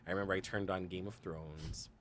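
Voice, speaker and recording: Deep-voiced with fairly even intonation, this man speaks a little fast in a slightly bright tone, slight background noise present. As a podcast guest he tells an open personal story, acts out other people's lines, laughs often, and says "like" and "you know" a lot.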